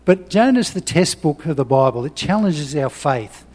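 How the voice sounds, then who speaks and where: A man's voice: on the high side, expressive, moderate pace, a little mellow, long reverb tail. A man preaching a sermon, reading scripture and talking personally in a conversational way with frequent restarts.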